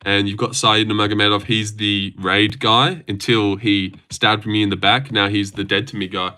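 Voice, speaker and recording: A man's voice: fairly low pitch, flat delivery, moderate pace, bright, forceful tone. A man hosting a casual livestream, chatting with viewers in a rambling, sarcastic way and swearing freely. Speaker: livestream host. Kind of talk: casual livestream chat reading viewer comments.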